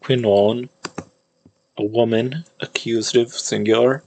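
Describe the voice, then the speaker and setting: Guy at his computer walking through an old text, slow and kinda low, lots of ums and restarts, some keyboard typing behind. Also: vocal fry, slight background noise. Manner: hesitant, thinking aloud with many fillers and restarts; reads old-language text slowly, word by word. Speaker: language teacher. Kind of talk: casual screen-share lesson.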